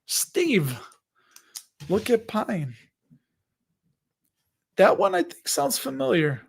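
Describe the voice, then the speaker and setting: A man's voice: high voice, sing-song, very slow, gravelly, a little hiss or hum. A man in his forties hosting a casual livestream, chatting and joking while answering viewer questions. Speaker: host of investing livestream.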